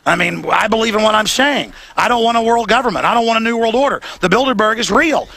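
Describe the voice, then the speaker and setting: Gravelly, high-pitched, heated male talk host. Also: pushed and bright. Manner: fast, heated and emphatic, mocking his critics. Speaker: radio host. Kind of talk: live talk radio rant. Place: outdoors at a protest.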